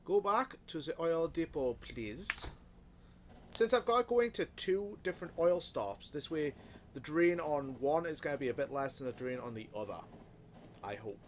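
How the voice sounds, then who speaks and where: A fairly high, animated male voice at a moderate pace belongs to a let's play host muttering through a factory-building game. He swears frequently and has the hiccups, and a little hiss or hum can be heard.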